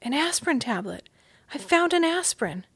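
A woman's voice: high-pitched, very animated, normal speed, fairly bright tone, no room sound, pitched above the performer's own voice, full character voice. A woman voicing a plucky young male mouse who talks in an urgent, coaxing way. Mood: eager.

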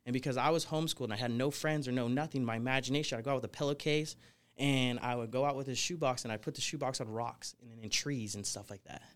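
A man's voice: medium pitch, fast talker. A young man as a podcast guest, telling his life story casually and energetically, full of "you know" and "like". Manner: energetic, rambling, frequent fillers like "you know". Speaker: guest, snake wrangler.

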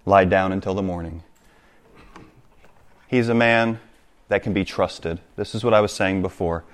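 Low-voiced male preacher. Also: unhurried. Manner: reads scripture aloud, then explains it with direct appeals to the congregation. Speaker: pastor. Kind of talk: sermon.

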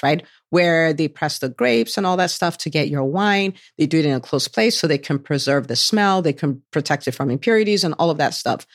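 A woman preaching a sermon on a Bible story, animated, often jumping up in pitch to act out voices. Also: no room sound, clean studio sound. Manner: animated, acts out voices of God and listeners with big pitch jumps.

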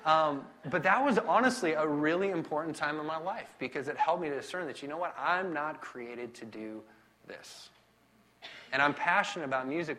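A man giving a casual sermon, telling self-deprecating personal stories in a conversational, animated way. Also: on the high side. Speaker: pastor.

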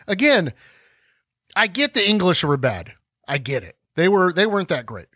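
A podcast host, a man with a slightly high, very lively voice, talks through history in a loose, ranting way. He keeps slipping into little acted-out scenes. His voice sounds dry and close. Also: moderate pace, no room sound. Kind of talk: casual history discussion with comic asides.

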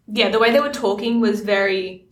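A woman talks in a loose, casual way, filling her sentences with "like" and restarting them as she goes. Her voice sits at a middle pitch, and the room adds a noticeable echo. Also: moderate pace. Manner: chatty, restarts often with "like". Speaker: book club podcast panelist. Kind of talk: casual chat.

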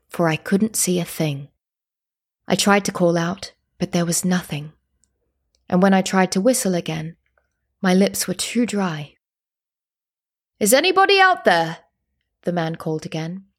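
A woman reading a story in the first person, with a calm, steady reading manner. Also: lowish voice. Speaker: narrator.

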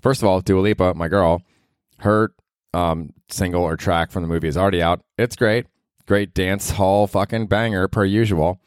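A man's voice: deep voice, fairly even intonation, normal speed, no room sound, clean studio sound. A man hosting his own podcast, talking in a rambling, profane, self-mocking comedic monologue. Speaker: podcast host.

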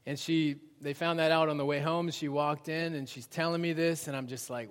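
A man in his thirties preaching a sermon through a personal story. His voice sits a little high and moves from lively to hushed. The sound rings with long reverb from a large hall. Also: a little fast. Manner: conversational, swings between animated and hushed. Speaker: pastor.

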